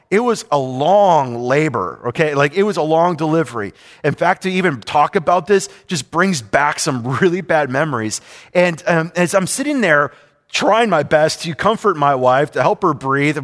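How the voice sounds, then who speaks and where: A man's voice: fairly high pitch, fairly bright tone. Earnest man preaching in a reverberant hall. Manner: earnest, confessional, repeats phrases. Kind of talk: sermon storytelling.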